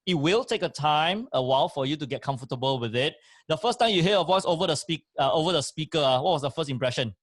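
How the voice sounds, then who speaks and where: A man's voice: on the high side, animated, quick pace, dry recording, studio quality. A man, co-hosting a casual chat and coaching with emphatic, repeated points. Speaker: co-host and motivational speaker. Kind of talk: casual chat, giving advice.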